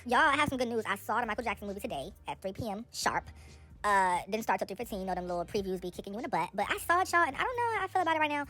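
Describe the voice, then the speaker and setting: A young woman giving casual, sassy entertainment gossip commentary, chatty and animated with quick asides. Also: on the high side, faint music behind.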